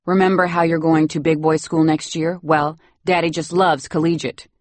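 A woman voicing a cool, proper wealthy mother who talks briskly and politely. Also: sits low, level tone, dry recording, natural voice. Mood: prim.

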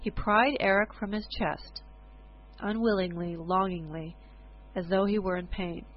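A woman's voice: medium pitch, steady tone, measured pace, lo-fi sound. Woman reading a personal story.

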